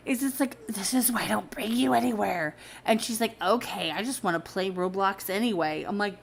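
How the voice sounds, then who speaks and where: A woman's voice: mid-range voice, moderate pace, vocal fry, a little hiss or hum. A woman in her thirties hosting a podcast from a home garage office, talking bluntly with plenty of swearing and laughter. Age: 30s. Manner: blunt, profane, laughing storytelling. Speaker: podcast host. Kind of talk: casual podcast chat.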